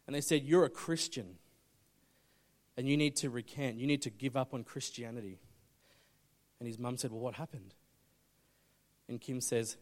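A man preaching a sermon, telling a story and swinging between urgent loud appeals and hushed, intense moments. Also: mid-range voice, moderate pace, pauses often. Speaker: pastor.

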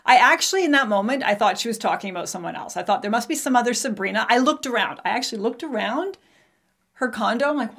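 A woman's voice: on the high side, lively intonation, quick pace, a bit bright. A woman in her forties, a podcast host, telling a candid personal story and acting out remembered dialogue.

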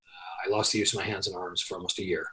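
A middle-aged man telling a crew anecdote in a casual interview, animated and quick to laugh. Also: sits low. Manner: animated storyteller, laughs often while telling. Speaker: film crew member telling a story.

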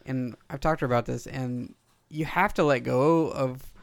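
A man's voice: mid-range voice, steady tone, moderate pace, vocal fry, dry recording. A man co-hosting a casual podcast chat about role-playing, reflective and hesitant with many fillers.

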